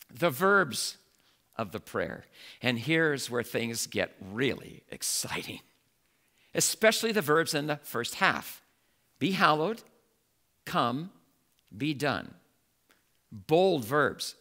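A male pastor preaching a sermon in an animated way, building to emphatic exclamations. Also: mid-range voice.

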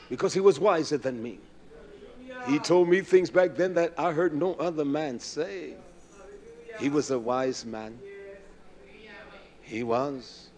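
A man in his fifties preaching a sermon, swinging between loud outbursts and quiet low asides. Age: 50s. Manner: impassioned, swinging from shouts to low murmurs.

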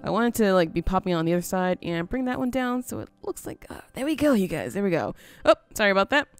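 Fast and with big pitch swings, a woman hosts a gaming video, casually commentating on a building game while thinking aloud and laughing lightly often. Her mid-range voice is clear and resonant with no echo, and she is from the US near the Canadian border.

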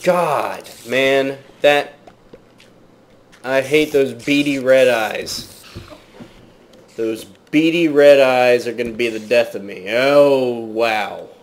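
Speaking slowly with long pauses, this gaming channel host has a mid-range voice, and there's slight background noise. He narrates a let's play in a playful fake British accent, chats with viewers as "guys," and yelps in alarm at sudden in-game threats.

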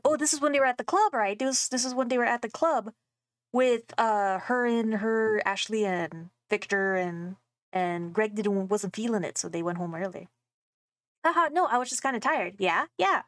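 A woman's voice: fairly high pitch, normal speed, dry recording. A young woman playing a game, reading its texts aloud and reacting with casual, laughing, swearing commentary. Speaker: gaming streamer. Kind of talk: casual let's play commentary.

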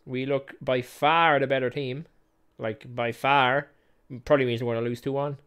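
A man's voice: mid-range voice, steady tone, moderate pace, a bit bright, clean tone. A man hosting a gaming video, calling the match play by play in a chatty, self-mocking way and laughing often. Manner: calls match action play by play. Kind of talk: casual let's-play commentary.

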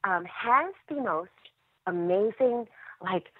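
A woman actress telling stories as a podcast guest, animated and laughing often. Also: medium pitch, slow pace, dry recording. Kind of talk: interview storytelling. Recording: dry tinny phone line.

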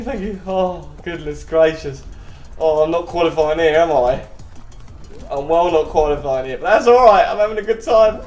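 A man giving casual commentary while he plays a video game, chatty and excitable. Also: a little high. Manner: excitable, chatty, quick cries and laughs. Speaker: gaming channel host. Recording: roomy echo, faint game music.

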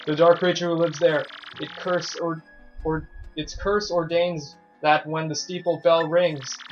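A man's voice: fairly high pitch, a little mellow, lightly acted. Man reading worried town villager, fretful, dull lo-fi audio.

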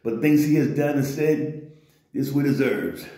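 A man's voice: medium pitch, normal speed, dark tone. A man ranting in loose slangy commentary on a vlog, often tossing in "you know what I'm saying.". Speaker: vlogger. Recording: very echoey room.

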